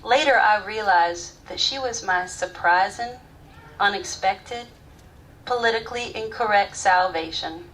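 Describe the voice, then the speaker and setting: A woman's voice: medium pitch, a little slow, natural voice. A woman playing a frank woman recalling first love. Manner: candid storytelling, shifting soft and loud. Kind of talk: live stage monologue. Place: theater stage, live audience. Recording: distant stage mic, faint room noise.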